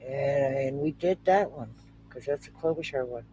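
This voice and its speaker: A man's voice: mid-range voice, moderate pace, warm tone, husky. A man co-hosting a reaction show, chatting casually and joking, humming to himself while he searches for clips.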